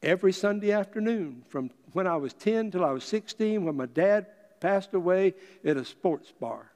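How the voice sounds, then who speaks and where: Man putting on a coach voice, pitched up, homespun, earnest, ringing hall reverb. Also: expressive, moderate pace, a little mellow. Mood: heartfelt. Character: folksy, optimistic American football coach, middle-aged man. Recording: long reverb of a large hall.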